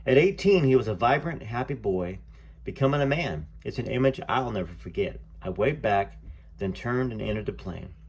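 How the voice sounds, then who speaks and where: A man's voice: on the low side, expressive, moderate pace, a little mellow, slightly rough. A man reading a memoir aloud as a channel host, chatty, with fillers and self-corrections. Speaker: book reader and channel host.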